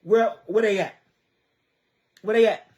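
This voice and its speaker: A man's voice: sits high, unhurried, darkish tone. A man from the Trenton area of New Jersey, a community advocate giving an impassioned livestream monologue, pressing his points with repeated rhetorical questions.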